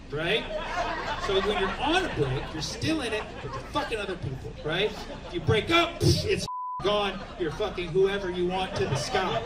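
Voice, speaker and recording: A man with a fairly high voice does stand-up, hammering his points with repetition. He sounds far from the mic. A loud audience and heavy noise surround him. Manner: emphatic, repetitive explaining. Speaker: stand-up comedian. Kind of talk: stand-up set. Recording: distant mic in a loud club.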